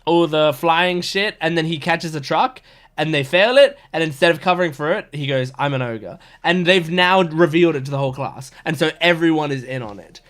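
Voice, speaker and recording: A man's voice: on the high side, brisk, a bit bright. A man in his twenties talking casually about an anime episode, enthusiastic and rambling, with lots of fillers and restarts. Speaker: anime reaction YouTuber.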